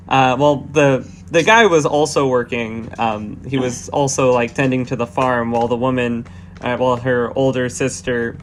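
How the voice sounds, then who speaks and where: A man narrating as game master of a tabletop game, halting with many fillers and restarts. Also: medium pitch, a little hiss or hum.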